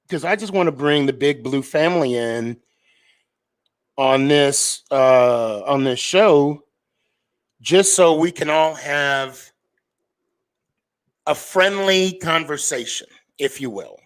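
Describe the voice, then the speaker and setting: A man's voice: medium pitch, slow, pauses often, clear, resonant tone. A man hosting a live sports podcast stream, talking casually and rambling with lots of fillers and restarts.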